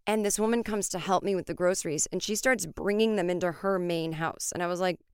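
A woman in her forties tells a comic story on her podcast, jumping into other people's voices as she goes. Her voice is smooth and clear, and she keeps the delivery casual with frequent swearing. It is recorded dry and close, with no room sound. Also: lowish voice, brisk, no room sound. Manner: animated, acts out voices in quotes, swears freely. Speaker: podcast host.

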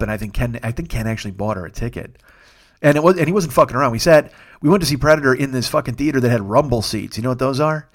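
A man telling a story as a comedian hosting his own show, talking quickly and loosely. He swears freely, stumbles and restarts sentences, and acts out the other people in the story. His voice sits at an ordinary middle pitch for a man. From lives in Los Angeles. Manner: rambling, profane, animated retelling with restarts. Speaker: comedian podcast host. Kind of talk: casual storytelling monologue.

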